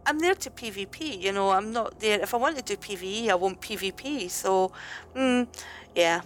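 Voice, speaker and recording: A woman's voice: medium pitch, normal speed, slight background noise. A woman with a European accent co-hosting a casual podcast chat, hesitant and repeating herself as she complains. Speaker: podcast co-host.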